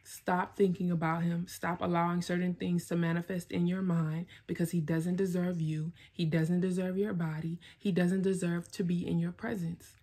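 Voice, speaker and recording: A woman vlogger gives herself a blunt, emphatic pep talk, swearing and repeating herself for emphasis. Her fairly low, husky voice is warm and level, at normal speed with few pauses.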